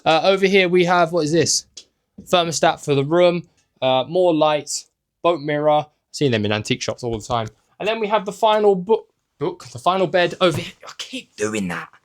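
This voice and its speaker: A man's voice: a little high, lively intonation, normal speed. A young man giving a casual, joking tour of a small hotel room, filmed on a handheld camera. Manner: chatty and joking, with offhand asides. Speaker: travel vlogger and host.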